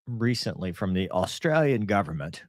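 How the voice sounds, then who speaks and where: A man's voice: fairly low pitch, sing-song, normal speed, dry recording. A man co-hosting a casual aviation talk show, reading an incident report aloud and adding his own asides. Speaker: co-host, former fighter and airline pilot.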